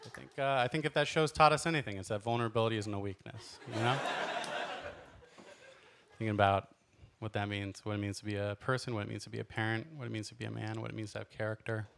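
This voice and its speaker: A man's voice: on the low side, fairly even intonation, fairly quick, vocal fry, fairly bright tone. A man in his thirties from Los Angeles, a stand-up comedian telling self-deprecating stories in a theatrical way on a club stage. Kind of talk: stand-up storytelling. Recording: noisy live club recording.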